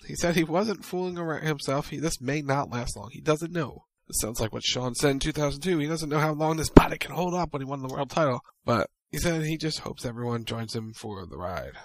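A man co-hosting a casual chat, recapping events in brisk storytelling and playing out quotes. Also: a little high, slight background noise. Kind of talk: casual recap of a wrestling show.

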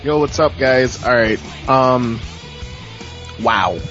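A man's voice: mid-range voice, slow, fairly bright tone. Male guest, hesitant, dull audio with music beneath. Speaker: guest panelist. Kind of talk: casual wrestling chat.

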